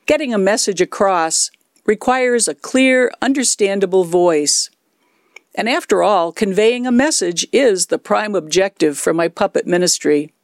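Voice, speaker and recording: Step by step, a lay worship leader in her sixties explains her puppet ministry in an instructional talk, her voice clear and measured. She speaks in a low-set alto of middling pitch for a woman. The dry, close recording has no surrounding room sound.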